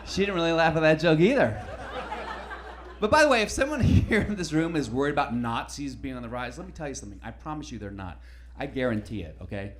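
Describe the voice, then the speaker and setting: A man doing a brash, crude stand-up routine, swinging between loud bursts and low mutters. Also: expressive, fast. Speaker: stand-up comedian.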